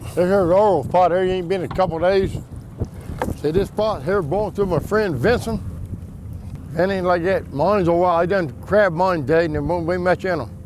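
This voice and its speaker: High-voiced crabber with an over boat noise. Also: male voice, normal speed.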